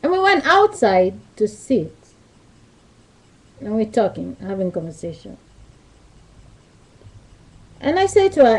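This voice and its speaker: A woman's voice: on the high side, very animated, a little slow, long pauses, darkish tone, rough recording. A woman telling a rambling story into her webcam in loose, non-native English grammar. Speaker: vlogger. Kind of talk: casual storytelling monologue. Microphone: webcam mic.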